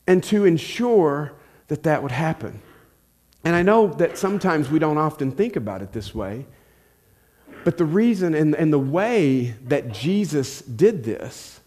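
A man, a pastor, preaching a sermon in a conversational, lightly humorous storytelling manner. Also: sits high.

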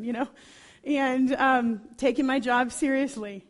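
A woman preaching a sermon, telling a story with chatty enthusiasm and lively asides. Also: sits high, unhurried.

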